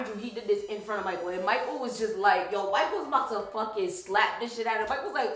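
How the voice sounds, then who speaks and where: A woman's voice: mid-range voice, quick pace, hardly any pauses, a bit bright, roomy sound, low-quality recording. A young woman vlogger telling a dating story in a casual, sassy way, swearing freely. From Haitian background.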